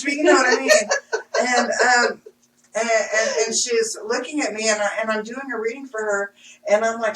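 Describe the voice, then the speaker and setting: A woman's voice: on the high side, fairly even intonation, moderate pace, fairly bright tone. A woman in her fifties, an intuitive reader and healer, talking frankly and animatedly in a casual chat, laughing often. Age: 50s. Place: studio room. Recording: roomy, distant mic, faint hum.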